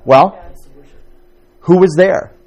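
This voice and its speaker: A man's voice: sits high, drawn-out words, darkish tone. A man preaching a conversational sermon to his congregation, asking them questions as he teaches. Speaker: pastor.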